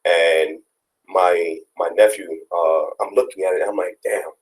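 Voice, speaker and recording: A young man with a deep, low voice speaks in a casual interview. He is earnest and tells long personal stories, often restarting a phrase as he goes. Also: steady tone, moderate pace, slight background noise, poor audio. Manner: earnest, storytelling, many restarts. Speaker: guest, father.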